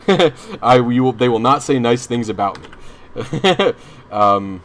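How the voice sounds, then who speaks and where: A man's voice: mid-range voice, expressive, slow. A young man streaming a game, telling a long personal story in a casual, rambling way with many restarts and some swearing. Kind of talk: casual storytelling while gaming.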